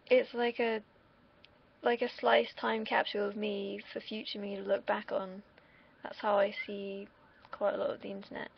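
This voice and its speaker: This young UK woman's medium-pitched voice is gravelly with a breathy edge as she rambles casually on her livestream, going off on tangents and occasionally swearing, all through a dull, lo-fi stream mic.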